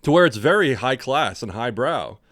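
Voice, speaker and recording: A man's voice: mid-range voice, very animated, normal speed, a bit bright, no echo, clean studio sound. A man co-hosting a podcast, telling rambling stories in casual chat, acting out his own thoughts and swearing freely. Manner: rambling anecdotes with acted-out inner voice, casual swearing. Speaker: podcast co-host.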